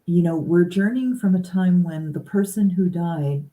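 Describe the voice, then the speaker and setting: A woman guest speaking earnestly and reflectively in a casual conversation, pausing to stress key words. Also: fairly low pitch, mellow. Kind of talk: casual conversation about grief.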